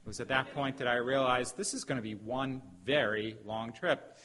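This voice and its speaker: A middle-aged man preaching a sermon as a pastor, telling a story with emphatic pauses. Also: mid-range voice, fairly bright tone. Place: church sanctuary. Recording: hall reverb, faint background noise.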